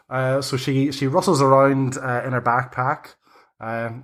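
A man narrating as game master for a tabletop game, halting and full of fillers. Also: mid-range voice, fairly even intonation, fairly bright tone.

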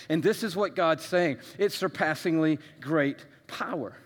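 A man's voice: on the high side, a little slow, in a large hall. A man preaching a sermon to a congregation, stacking emphatic phrases and adding playful asides to the crowd. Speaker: pastor. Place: church auditorium.

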